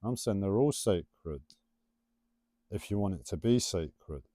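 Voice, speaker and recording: A man rambling through a casual spiritual musing, his pitch rising and falling a lot as he teases. His voice is mellow and soft-edged, and the recording is dry and close. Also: expressive, slow, no room sound. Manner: playful, rambling, teasing. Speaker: livestreamer.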